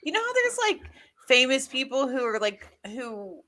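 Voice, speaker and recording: Bright-voiced chatty woman co-host. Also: high voice, very animated, moderate pace. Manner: chatty, with frequent "like" fillers. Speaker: podcast co-host. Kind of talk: casual chat.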